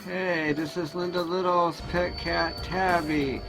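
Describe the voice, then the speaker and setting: A man voicing a kindly flying superhero who speaks in a gentle, coaxing, earnest way. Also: high voice, little pitch movement, slow pace, creaky, heavily acted, rough recording. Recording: loud music behind.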